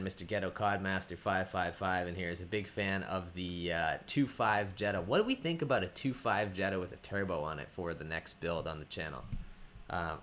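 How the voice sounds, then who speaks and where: A man's voice: low voice, a bit bright, a little hiss or hum. A man hosting a casual live stream who greets viewers by name and thinks aloud with lots of ums as he chats. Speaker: livestream host. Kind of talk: casual livestream chat.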